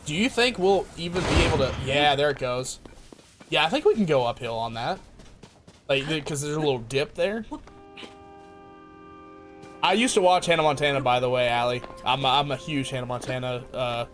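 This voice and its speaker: A man streaming a game live, chatting casually with his viewers, excitable and laughing often. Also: mid-range voice, normal speed, long pauses, faint music behind. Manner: excitable, laughs often, talks to chat by name. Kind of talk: casual live-stream chat while playing.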